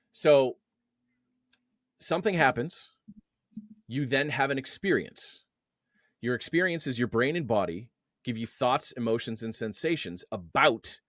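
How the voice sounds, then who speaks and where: A man's voice: mid-range voice, a bit bright, dry recording, clean studio sound. A man speaking as a guest in an interview, a coach on men's emotions, who explains his ideas with everyday analogies and lifts his voice on key words. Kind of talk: conversational interview.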